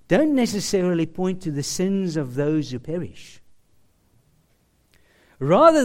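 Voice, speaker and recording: A man preaching a sermon, slow and emphatic, with dramatic pauses. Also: fairly high pitch, a little mellow.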